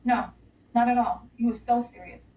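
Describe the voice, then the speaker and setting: A woman's voice: a little high, fairly even intonation, normal speed, dark tone, far from the mic, dull audio. A young adult woman giving a candid, emotional personal testimony in an interview, with casual slang. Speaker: interview guest. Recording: roomy sound, voice off-mic.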